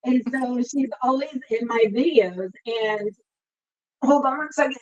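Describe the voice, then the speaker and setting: Excitable woman, dry close sound. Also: on the high side, measured pace, no echo, dull audio. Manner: excitable, laughs often while telling a story. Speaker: guest, tarot reader. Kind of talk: casual interview chat.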